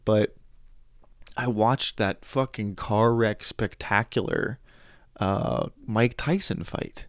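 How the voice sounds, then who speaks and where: A young man with a lowish voice talks through a podcast monologue, recorded dry and close to the mic. He tells his story in an animated way, acting out the people he quotes and often restarting mid-sentence. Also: takes it slowly, creaky, no room sound. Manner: animated storytelling, quoting others, frustrated asides, frequent restarts. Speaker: podcast host. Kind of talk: casual monologue.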